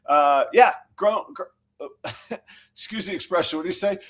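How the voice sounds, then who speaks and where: Middle-aged dude, voice on the higher side, dry jokey storyteller. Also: male voice, measured pace, a bit bright. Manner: wry, joking storyteller. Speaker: podcast co-host. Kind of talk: casual chat.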